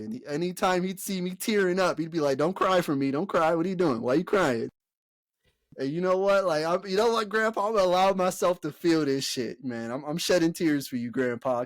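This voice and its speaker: A man's voice: a little high, no room sound. Slangy casual young man, dry sound. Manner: relaxed slangy talk, heavy fillers and swearing. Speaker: podcast co-host. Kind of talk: casual chat.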